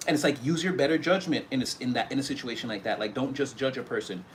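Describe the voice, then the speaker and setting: A man's voice: mid-range voice, quick pace, slight background noise. A man giving a casual spoken tarot reading, rambling and loose, with many fillers and restarts. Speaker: tarot reader.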